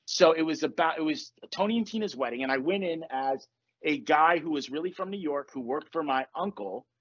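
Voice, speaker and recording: Speaking a bit fast in a slightly high voice, this Virginia man hosts a podcast and relates stories casually, full of laughter and animated impressions of the people he quotes. He's on a call through earphones, and the recording sounds muffled.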